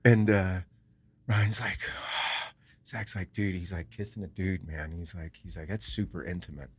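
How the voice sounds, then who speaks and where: A man's voice: deep voice, measured pace, husky. Cursing, laughing man telling a story. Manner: animated storyteller, swears a lot, laughs often, drops to a hush when telling the story. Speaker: podcast host. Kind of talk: casual storytelling chat.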